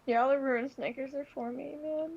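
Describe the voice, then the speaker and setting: A woman's voice: high-pitched, fairly even intonation, normal speed, creaky, darkish tone, highs cut off. A woman co-hosting a casual talk show, rambling with many fillers. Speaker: podcast co-host. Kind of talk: casual chat.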